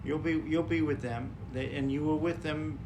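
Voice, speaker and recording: A man co-hosting a podcast, talking calmly and gently in a casual conversation about honest communication. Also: fairly high pitch, moderate pace, background noise. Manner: gentle, calm and mild even when voicing anger. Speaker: podcast co-host.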